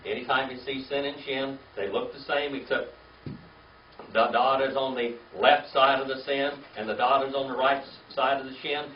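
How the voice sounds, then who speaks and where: This male Bible teacher has a medium-pitched, fairly even voice and moves at a moderate pace, walking his church class through letters and pausing for "okay?" and "all right?" with a live audience present. Slight background noise runs under the roomy, distant, dull lo-fi sound.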